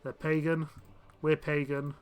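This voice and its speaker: A man's voice: fairly high pitch, monotone, unhurried, clean tone, faint music behind. A man streaming a game live, chatting casually and thinking aloud with self-mocking asides. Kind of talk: casual live gameplay commentary.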